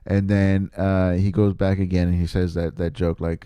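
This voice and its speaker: A man's voice: deep voice, little pitch movement, normal speed, hardly any pauses, dark tone, smooth, dry recording. A man, a podcast host and comedian, telling a rambling story casually, laughing often and poking fun at himself.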